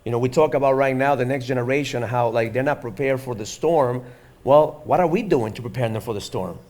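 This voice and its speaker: A man's voice: mid-range voice, brisk, darkish tone. A middle-aged man, a father and entrepreneur, speaking candidly and earnestly at a live virtual summit in short, loose, reflective phrases.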